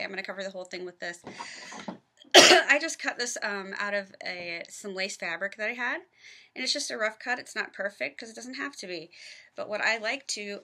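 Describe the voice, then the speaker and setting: A woman's voice: mid-range voice, creaky, bright, forceful tone, slight background noise. A woman from the American South giving a chatty, casual craft tutorial in her home office, narrating each step with self-deprecating asides. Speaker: craft vlogger.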